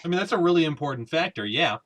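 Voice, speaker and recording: Podcast dude, bright forceful voice, jokey and laid-back. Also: male voice, on the high side, animated, rapid-fire. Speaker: podcast co-host. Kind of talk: casual gaming podcast chat.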